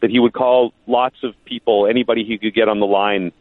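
A man's voice: on the low side, fairly even intonation, brisk, no echo. Joking man on a tinny phone line. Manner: joking storyteller. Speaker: guest, TV sportscaster. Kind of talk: phone-in podcast chat.

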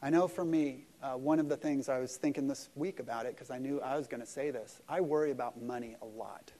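A man's voice: medium pitch, fairly even intonation, fairly quick, dark tone. A man preaching a sermon at a church service, earnest and conversational, with self-deprecating asides. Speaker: pastor.

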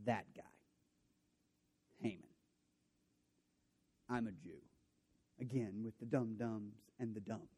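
A man's voice: on the low side, fairly even intonation, slow pace, pauses often, warm tone, slightly rough. A man preaching a sermon, retelling a story with playful voices for the characters and jokey asides. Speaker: pastor.

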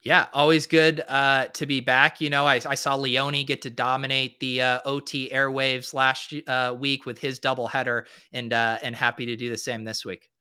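Bright, jokey male podcast guest. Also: mid-range voice, flat delivery, normal speed, few pauses, clear, resonant tone. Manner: self-deprecating, jokey. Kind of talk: casual podcast chat.

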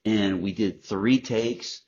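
A man guest on a podcast, telling candid, profane stories in a casual, animated way. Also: lowish voice, slow pace, slight background noise. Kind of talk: casual storytelling. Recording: dull lo-fi sound.

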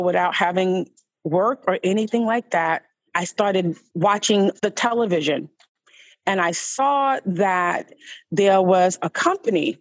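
A middle-aged woman from New York tells her own story as a guest, animated and given to repeating words for emphasis. Her voice sits at a middle pitch for a woman. It is recorded close and dry, with no room echo. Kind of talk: personal storytelling in conversation.

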